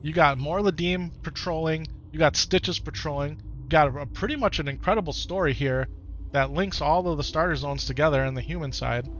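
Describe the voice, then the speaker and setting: A man's voice: fairly high pitch, a little fast, fairly bright tone, dull audio, slight background noise. A man with a Wisconsin accent, streaming a video game live, chatting easily with viewers and often repeating his own phrases. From Wisconsin, United States. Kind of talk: live gameplay commentary while reading chat.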